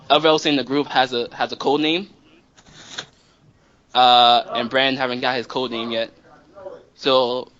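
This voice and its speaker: A man's voice: mid-range voice, sharp tone. A man casually telling a long story to friends, rambling and profane with many restarts. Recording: dull lo-fi recording.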